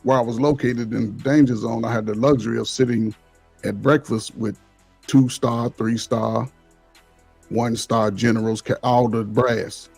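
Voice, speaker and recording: A man's voice: medium pitch, steady tone, moderate pace, gravelly, darkish tone, breathy edge, no echo, soft background music. A man who is a military veteran, talking in a laid-back, rambling way on an online panel. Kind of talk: casual political chat.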